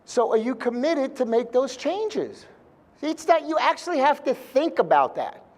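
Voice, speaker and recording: A man's voice: very high voice, big pitch swings, moderate pace, darkish tone. A man speaking live to a seminar audience, blunt and joking, with mild swearing.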